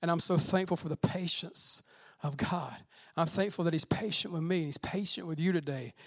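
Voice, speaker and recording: A man preaching a fervent sermon as pastor, often saying "man" and swelling loud when he reads scripture. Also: on the high side, normal speed, dry recording, clean studio sound.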